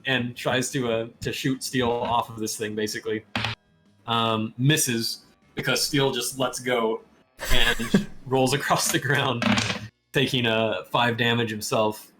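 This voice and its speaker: A man's voice: mid-range voice, fairly even intonation, slow. A man narrating a tabletop game as game master, laughing often and chatting loosely with his player. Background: soft music.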